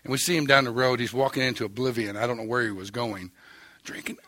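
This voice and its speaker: A man's voice: mid-range voice, fast, pushed and bright, no room sound. An older man with an Oklahoma accent preaching a sermon, telling a story in a folksy, wry, self-mocking way. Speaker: pastor.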